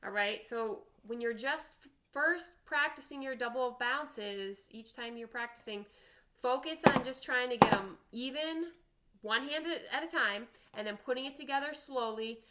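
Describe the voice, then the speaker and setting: A woman's voice: fairly high pitch, moderate pace, noisy background. A woman band teacher giving an online drum lesson, counting aloud and checking in with "all right?".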